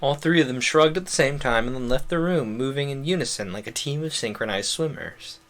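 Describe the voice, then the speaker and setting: A man's voice: medium pitch, brisk, fairly bright tone. A young man streaming, reading a visual novel aloud with joking, chuckling asides.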